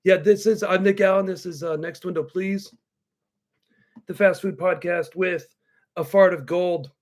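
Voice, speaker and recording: A man's voice: sits high, steady tone, measured pace. Profane, rambling middle-aged man. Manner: drinking a cocktail while talking. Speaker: podcast host. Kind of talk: casual live-stream chat.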